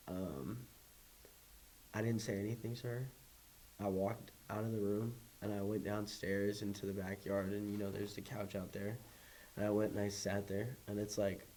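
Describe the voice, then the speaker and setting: A man's voice: lowish voice, warm tone, slight background noise, poor audio. A young man, a guest in an interview, telling a personal story in a rambling way, full of "like" and quoted dialogue. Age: young adult. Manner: rambling, heavy use of "like", quoting others. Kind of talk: candid storytelling.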